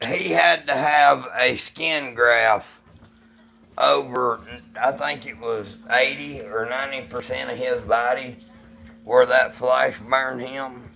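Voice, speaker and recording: A man's voice: medium pitch, steady tone, slow pace, vocal fry, bright, forceful tone. A man hosting a livestream, telling a long story to his chat in a rambling, profane way. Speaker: livestream host. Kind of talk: casual storytelling to live chat.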